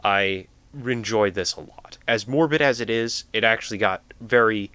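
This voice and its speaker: A man's voice: lowish voice, moderate pace, bright, forceful tone, smooth, no room sound. A young man commentating a sad game as he plays, tearful and rambling, with jokey asides. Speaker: gamer. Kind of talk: let's-play commentary.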